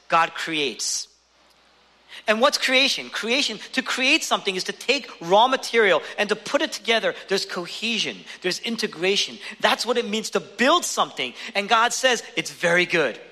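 A man preaching a sermon with emphatic delivery, swinging between raised, urgent passages and hushed, low ones, and often asking the listeners rhetorical questions. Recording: long reverb of a large hall.

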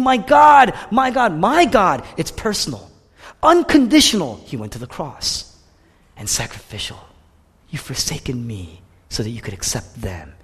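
A male pastor delivers an impassioned sermon in a slightly husky voice. His pitch swings widely, climbing into loud cries and sinking to hushed whispers. The sound carries the long reverb of a large hall.

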